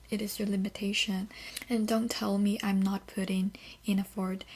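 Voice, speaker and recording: On her casual solo podcast, a young woman with a Korean accent reflects candidly in a loose, conversational way, often starting with "so." She has a husky, slightly mellow mid-range voice with vocal fry.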